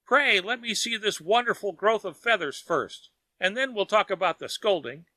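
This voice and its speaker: A man's voice: high voice, lively intonation, normal speed, sharp tone, no echo, voice pushed up. A man playing a mild, teasing neighbor. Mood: mocking. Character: calm, kindly neighbor man, mocking and laughing.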